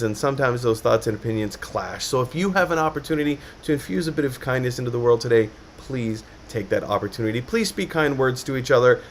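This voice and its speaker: Male live-stream host, casual and animated, lively pitch. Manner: animated, laughs easily.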